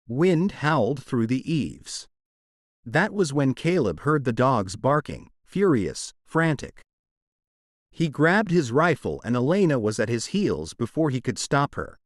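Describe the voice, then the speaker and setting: Expressive male audiobook narrator. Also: mid-range voice, unhurried, no room sound, clean studio sound. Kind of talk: scripted romance audiobook narration.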